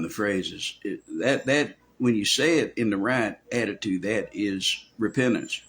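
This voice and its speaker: A man's voice: lowish voice, takes it slowly, a bit bright. A man preaching a verse-by-verse sermon in a folksy way, acting out quoted voices, with many restarts. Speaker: pastor. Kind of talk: expository sermon.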